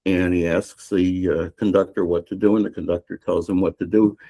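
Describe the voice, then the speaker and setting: Older male author, very low voice, meandering storyteller, podcast guest. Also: steady tone, fairly quick, warm tone. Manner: rambling storyteller with many restarts and fillers. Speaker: novelist guest. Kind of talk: retelling a novel's plot in a podcast interview.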